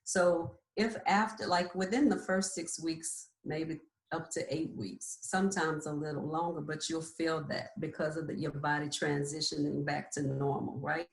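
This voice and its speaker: A woman's voice: sits low, fairly even intonation, normal speed, gravelly. A woman in her forties, a nurse practitioner, earnestly explaining and sharing her own story, often checking in with "right?". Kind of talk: candid personal storytelling. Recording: roomy echo.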